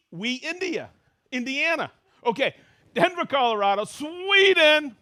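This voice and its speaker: Middle-aged male livestream host, bright high voice, unhurried, playful shout-outs. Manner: excited, playful, reading out viewer locations. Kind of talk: live-stream shout-outs to viewers.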